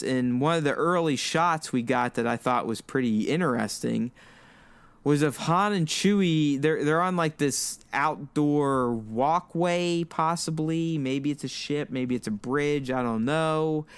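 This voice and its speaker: A man chats loosely on a podcast, rambling a little and swearing now and then. His voice is smooth and clear, mid-pitched, and the sound is dry and close. It sounds like an easygoing talk between friends. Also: a little slow, dry recording. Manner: relaxed, rambling, swears freely. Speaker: podcast co-host. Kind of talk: casual chat.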